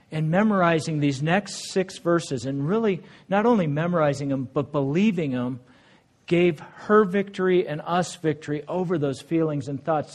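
Male pastor, slightly high voice, earnest conversational sermon with scripture readings. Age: adult, married.

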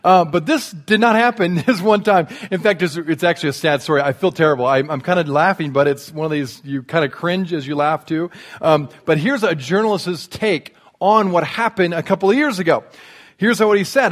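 High-voiced joking man preaching. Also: brisk. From Indiana. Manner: joking, self-deprecating storyteller. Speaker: guest preacher. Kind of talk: sermon with humorous stories. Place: church sanctuary.

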